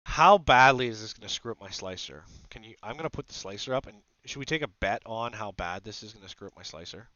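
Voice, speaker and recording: A man's voice: fairly low pitch, lively intonation, fast talker, hardly any pauses, sharp tone, no echo, muffled recording. A man hosting a casual maker livestream, rambling to his viewers and to himself as he sets up a 3D print. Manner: rambling, talks to the audience and to himself. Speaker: maker channel host.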